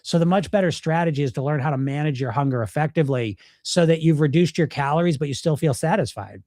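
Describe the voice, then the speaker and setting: Man, weight loss coach, blunt, emphatic, slightly high voice, dry close sound. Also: fast talker, darkish tone, dry recording. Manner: blunt, emphatic, swears freely. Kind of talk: casual live Q&A coaching.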